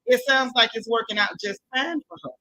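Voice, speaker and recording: A woman hosts a casual gossip commentary show, sassy and blunt. She reads out chat comments and repeats her points for emphasis. Her voice sits a little on the high side. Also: a little fast, bright, forceful tone, a little hiss or hum, low-quality recording. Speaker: commentary channel host.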